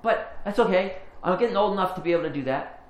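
Earnest preacher in an echoey church. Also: male voice, high voice, quick pace. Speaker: pastor. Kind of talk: sermon with personal story. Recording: echoey room with faint ambient noise.

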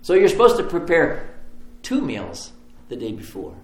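A man's voice: on the high side, wildly swooping pitch, normal speed. A man preaching a sermon as pastor, telling stories in a conversational, vivid way. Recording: roomy hall, faint ambience.

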